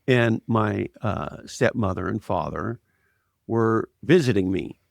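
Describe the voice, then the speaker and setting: A man's voice: lowish voice, expressive, takes it slowly, creaky, no room sound, studio quality. A man speaking as an interview guest in a blunt, emphatic way, driving his points home with anecdotes. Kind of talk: conversational interview, storytelling.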